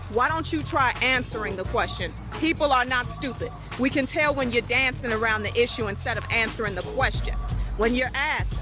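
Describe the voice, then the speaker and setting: Woman going off, high voice, lecturing and repeating herself, music playing behind. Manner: lecturing, scolding, repetitive. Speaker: political commentator. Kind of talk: direct-address rant.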